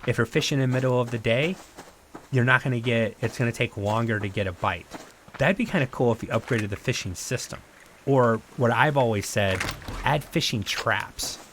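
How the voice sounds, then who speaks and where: A man streaming a survival game live, thinking aloud in a relaxed, rambling way as he plays. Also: medium pitch, normal speed, a little hiss or hum. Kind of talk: casual live-stream gameplay commentary.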